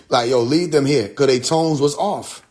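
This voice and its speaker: A man with a mid-range, darkish voice and an unhurried delivery hosts a casual livestream, recorded on a phone. He tells stories in a loose, profane way, laughing often and imitating other people's voices.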